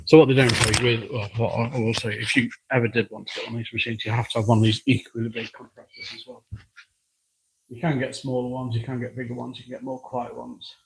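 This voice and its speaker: A man's voice: medium pitch, flat delivery, fast, gravelly, background noise. A British man hosting a live stream from his workshop, chatting and rambling casually as he works. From United Kingdom. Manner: chatty and rambling, thinking aloud. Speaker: livestream host. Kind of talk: casual live-stream chat while working. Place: workshop with a balloon printing machine.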